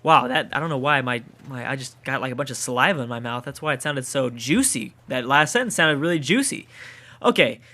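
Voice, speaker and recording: A man's voice: mid-range voice, expressive, brisk, sharp tone. A Canadian man with a Canadian accent, casually commenting on his own strategy game play, thinking aloud and swearing at setbacks. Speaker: let's play gamer.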